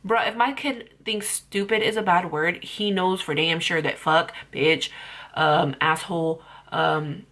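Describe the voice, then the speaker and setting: A woman's voice: lowish voice, steady tone, unhurried, fairly bright tone. A young woman ranting bluntly about parenting on her vlog, heated and full of swearing. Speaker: parenting vlogger.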